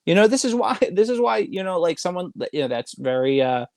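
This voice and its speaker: A man's voice: high voice, sing-song, a little fast, gravelly, dry recording, clean studio sound. A man hosting a podcast, giving opinions in casual chat with many fillers. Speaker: podcast host.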